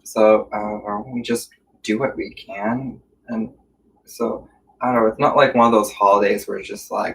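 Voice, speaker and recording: Low-voiced man, hesitant mukbang chatter. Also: a bit bright, recorded from a distance, poor audio. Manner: hesitant, many filler pauses. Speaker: livestream co-host. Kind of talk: casual chat while eating. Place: warm room at home.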